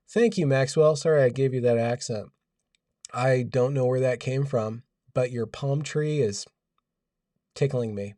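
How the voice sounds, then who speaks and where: With a warm, medium-pitched voice at a measured pace, this man wanders wryly through his casual livestream and reads out what viewers type. He's far from the mic on a home audio setup, but the sound is clean and studio-like, with no room sound.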